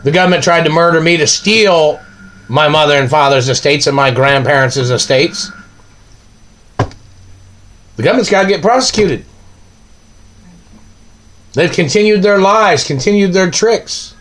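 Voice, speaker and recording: A man's voice: on the high side, measured pace, pauses often, a bit bright. A man delivering an angry, accusing monologue, ranting and firing off repeated questions.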